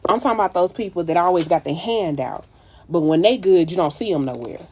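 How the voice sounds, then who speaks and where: A makeup artist on a livestream talks fast in a lowish, warm, expressive voice, with a bit of hiss or hum in the audio. She delivers a blunt, profane, preachy pep talk to her followers, calling them baby and child.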